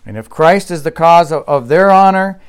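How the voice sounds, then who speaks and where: A male pastor preaching a sermon, with emphatic insistence that drops to quiet, low asides. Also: animated, normal speed, clear, resonant tone.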